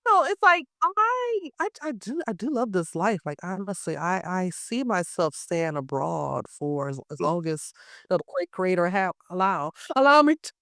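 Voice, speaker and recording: An American woman, a teacher living abroad, chatting casually as an interview guest. She tells animated stories, leans heavily on "like" and acts out what others said. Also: lowish voice, normal speed, dry recording, clean studio sound. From United States. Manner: animated storyteller, heavy use of "like", acts out quotes.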